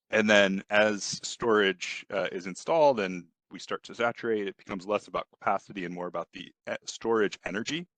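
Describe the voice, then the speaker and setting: A man giving a technical workshop presentation on a video call, hesitant with fillers, clearing his throat and coughing. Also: fairly low pitch, a bit bright, dry recording. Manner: hesitant, many fillers and restarts.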